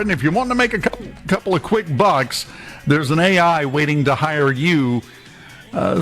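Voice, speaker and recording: A man chatting on a radio show with joking, animated banter, hiccuping now and then. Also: mid-range voice. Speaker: regular radio guest. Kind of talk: casual radio chat.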